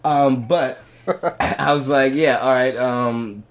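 Profane storytelling man, podcast co-host. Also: slow. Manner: animated, profane, acts out quotes in a high voice. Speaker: podcast co-host and stand-up comic. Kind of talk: casual storytelling.

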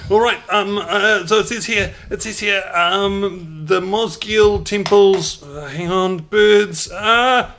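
A man voicing a flustered, excitable young man who keeps repeating himself as he leads a group. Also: slow pace, few pauses, a little hiss or hum, exaggerated voice. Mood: panicky. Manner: jittery, repeating himself, pitch climbing.

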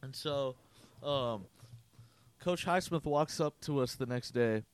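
A young man co-hosting a podcast tells a story during a casual chat, speaking slowly in a medium-pitched voice over slight background noise. His delivery is loose and profane, and he acts out the quotes.

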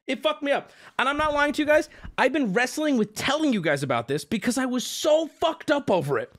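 A male streamer telling a story in casual livestream talk, animated and swearing, rambling with restarts. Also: very high voice, a little fast, few pauses.

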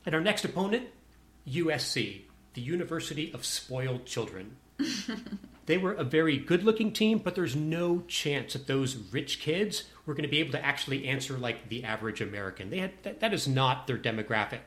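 A man's voice: mid-range voice, big pitch swings, brisk, a bit bright. A man telling a personal anecdote to a listener in a wry, self-deprecating way.

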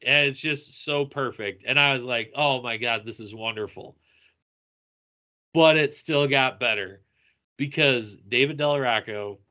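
A man on a podcast telling a convention story in casual chat, acting out what people said. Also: mid-range voice. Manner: animated, acts out quoted lines. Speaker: podcast co-host.

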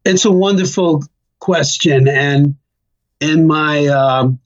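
An older man slowly recalling his family's story as an interview guest, pausing often with fillers. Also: fairly high pitch, dull audio. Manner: slow, halting, many fillers. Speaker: interview guest, child of survivors. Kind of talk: reflective personal storytelling.

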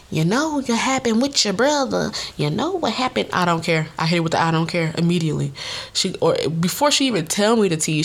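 Woman podcast host, blunt and cussing, voice jumping all over. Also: fairly low pitch. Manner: blunt, profane, animated storytelling. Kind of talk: casual storytelling monologue. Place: studio.

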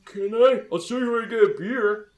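A man voicing a dim-witted, drunk, burping young man who talks in a loud, slow, dopey drawl. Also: sits high, reverberant, pitched above the performer's own voice, lightly acted.

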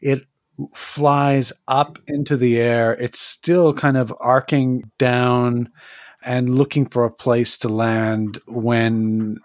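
A man's voice: mid-range voice, little pitch movement, slow pace, no room sound, clean studio sound. A man running a tabletop game as game master, describing scenes and restarting his sentences often.

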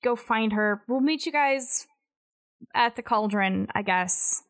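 Measured woman player. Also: fairly high pitch, fairly bright tone, a little hiss or hum. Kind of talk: tabletop game play.

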